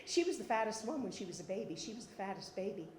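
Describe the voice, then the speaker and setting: A woman's voice: mid-range voice, big pitch swings, fast, reverberant, a little hiss or hum. An older woman telling a wry, funny life story as a one-woman stage monologue. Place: theatre stage.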